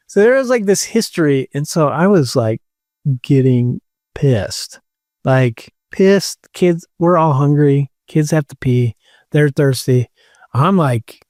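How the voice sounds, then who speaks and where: A man's voice: on the high side, animated, a little slow, a little mellow, dry recording, studio quality. A middle-aged man casually telling a long personal story, rambling and swearing with lots of "like". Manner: rambling, swearing, many likes. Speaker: podcast host.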